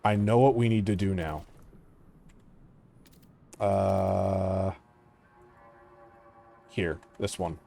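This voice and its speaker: Drawing out his words in a gravelly low voice, a gaming channel host works through a strategy game casually and pauses often. He tends to mumble half to himself, drifting into quiet asides while clicking through his options.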